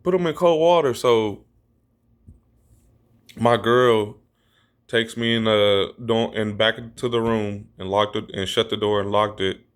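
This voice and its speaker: Lowish-voiced man swearing his story is true. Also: slow, pauses often, smooth. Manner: animated, acts out quotes in a raised voice; repeats himself, insists it is true. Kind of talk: casual storytelling to viewers.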